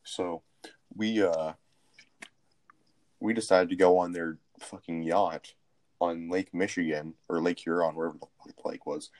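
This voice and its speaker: A man's voice: sits low, fairly even intonation, unhurried, long pauses, a little mellow. A young man co-hosting a podcast, telling a rambling, profane story in casual chat. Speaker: podcast co-host.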